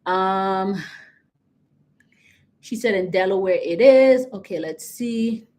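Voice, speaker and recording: A business credit coach with a Caribbean accent talks straight to viewers in a casual livestream, chatty and reading out comments. Her mid-range voice is slow and a little mellow.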